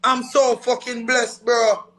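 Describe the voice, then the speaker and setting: A Jamaican man hosting a live stream, excitedly shouting hype at his viewers during a battle. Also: extremely high pitch, takes it slowly.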